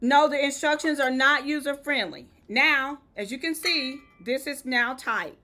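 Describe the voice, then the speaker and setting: Bright high Southern woman explaining. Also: unhurried. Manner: step-by-step instructive, checks in with "okay?". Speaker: event decor host. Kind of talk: live-stream how-to demo.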